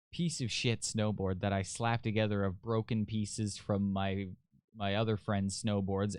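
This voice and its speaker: A man's voice: fairly low pitch, a little mellow, clear, resonant tone, dry recording, studio quality. A young man hosting a podcast, telling a story in a loose, rambling, profane way. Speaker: podcast host. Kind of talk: casual storytelling.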